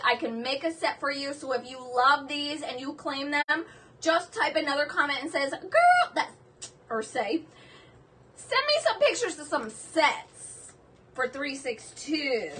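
Woman, live jewelry seller, excitable, chatty, bright tone, distant mic. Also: high voice. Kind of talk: live sales stream. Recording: distant mic with faint background noise.

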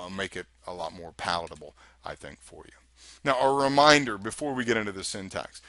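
A man's voice: medium pitch, bright, forceful tone, no echo. A man teaching a recorded technical lesson in a chatty, conversational way, often asking rhetorical questions. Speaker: instructor.

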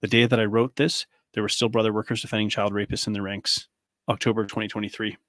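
A man's voice: fairly low pitch, level tone, fast, fairly bright tone, no echo, clean studio sound. A man in his thirties hosting a podcast, delivering an angry, impassioned monologue full of rhetorical questions. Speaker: podcast host.

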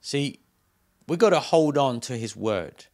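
A man preaching a sermon as pastor in a church, moving between loud emphatic calls and quiet, intimate asides. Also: mid-range voice, expressive, a little slow.

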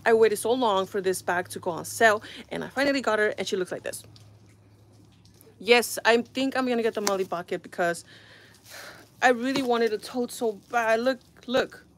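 A woman's voice: a little high, normal speed, slight background noise. A woman vlogging at home with a phone camera, reviewing a handbag in a rambling, exasperated way with frequent sighs. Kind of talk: casual product review vlog.

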